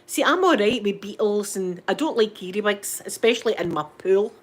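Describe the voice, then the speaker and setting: A woman's voice: medium pitch, animated, moderate pace. A middle-aged Scottish woman hosting a live stream, chatting casually and greeting viewers by name. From Scotland. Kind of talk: casual chat.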